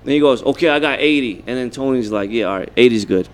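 A man's voice: medium pitch, fast. A man, a barber, telling a shop story in a casual chat and acting out the other people's lines.

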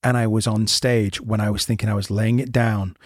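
A man's voice: lowish voice, little pitch movement, fairly quick, no echo, clean studio sound. A man co-hosting a podcast, speaking earnestly and reflectively in casual conversation. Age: 30s. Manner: earnest, reflective, laughs easily. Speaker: podcast co-host, theatre director.

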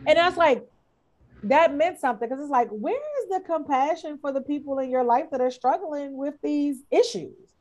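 A woman's voice: sits high, normal speed. Empathetic woman podcast co-host. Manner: empathetic, frank, animated. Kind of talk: casual chat.

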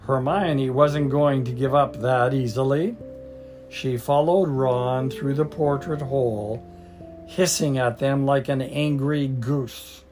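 A man's voice: medium pitch, steady tone, slow pace, over music. A man reading a children's novel aloud and patiently explaining words, as a storyteller and teacher. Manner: patient, explaining, light laughs. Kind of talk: read-aloud with word explanations.

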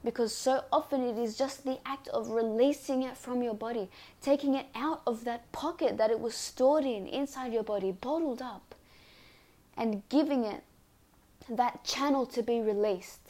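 A woman's voice: fairly high pitch, moderate pace, warm tone. Earnest woman coaching a podcast audience. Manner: earnest, repetitive, coaching phrasing. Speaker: podcast host. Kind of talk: reflective self-help monologue.

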